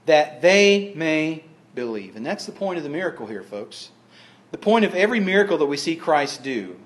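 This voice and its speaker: Man preaching a sermon, kinda high voice, folksy, repeats himself for emphasis, goes quiet then loud. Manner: swings between hushed tones and loud declarations. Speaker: pastor.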